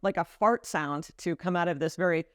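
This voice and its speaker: A woman's voice: lowish voice, moderate pace, no room sound, studio quality. An American woman in her thirties, chatting lightly and explaining things in a casual vlog to camera. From United States. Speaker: vlogger. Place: home in France.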